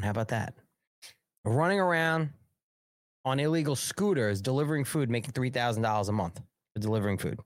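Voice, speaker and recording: Angry profane man ranting, lively pitch. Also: brisk, long pauses, no echo. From New York. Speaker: host. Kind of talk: political talk show rant.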